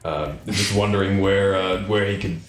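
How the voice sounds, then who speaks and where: A man's voice: sits low, steady tone, normal speed, echoey room, faint music behind, lightly acted. A man voicing an apologetic character in a tabletop game who makes hesitant excuses. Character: apologetic man covering for a friend.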